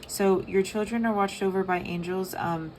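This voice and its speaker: A young woman giving a casual tarot reading, soft and rambling with many fillers. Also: mid-range voice, steady tone, normal speed, slight background noise. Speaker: tarot reader.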